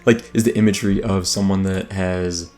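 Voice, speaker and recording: A man's voice: low voice, fairly even intonation, normal speed. A man casually narrating while playing an online game, rambling with frequent ums and restarts. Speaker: gaming YouTuber. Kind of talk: casual let's play commentary. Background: soft background music.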